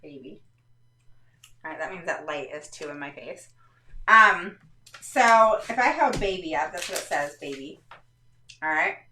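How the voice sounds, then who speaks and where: A woman's voice: low voice, expressive, measured pace, long pauses, pushed and bright, a little hiss or hum. A woman hosts a casual live stream, explaining things step by step and often checking in with her viewers. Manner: explanatory, keeps checking in with "all right". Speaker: host of a parenting live stream. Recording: roomy, slightly distant mic.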